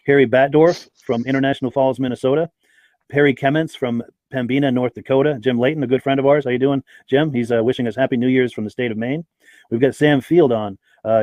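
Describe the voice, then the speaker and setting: A man hosts a live-stream podcast, chatting and reading out viewers' names and hometowns. His mid-range voice has a dark tone, and the recording is dry, with the highs cut off.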